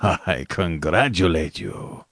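A man voicing a suave and cruel Cossack general, an aging hunter, in a storybook reading, smooth and mocking. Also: deep voice, lively intonation, slow, a bit bright, no echo, pitched below the performer's own voice, full character voice.

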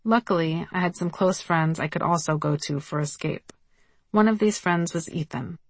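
A woman reads her memoir aloud in a wry, conversational storytelling manner. Her voice sits fairly low. The recording is dry and close, with no room sound. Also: dry recording. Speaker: memoir narrator. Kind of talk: audiobook memoir reading.

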